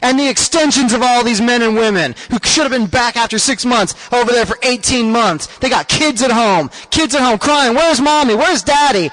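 A man's voice: very high-pitched, normal speed, few pauses, fairly bright tone, poor audio. A man hosting a show, delivering an emphatic, repetitive political rant to his listeners. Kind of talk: ranting political monologue.

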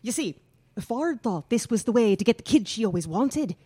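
A brash, talkative police lieutenant, as an actor plays him in an audio drama. He swings his pitch up and down a lot and spins his account in a breezy, slangy manner. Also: animated, moderate pace, mellow, slightly rough. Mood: explaining.

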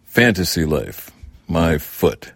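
A man's voice: deep voice, sing-song, takes it slowly, vocal fry, a bit bright, breathy edge, no echo, studio quality, heavily acted. A man voicing a blunt, irritated father in a storybook reading, speaking in a curt, dismissive way.

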